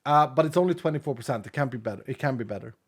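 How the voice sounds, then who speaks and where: A man in his late thirties streams and chats casually with viewers, reading their messages in a medium-pitched, expressive voice at a very fast pace. He's gushing and emotional, laughing often.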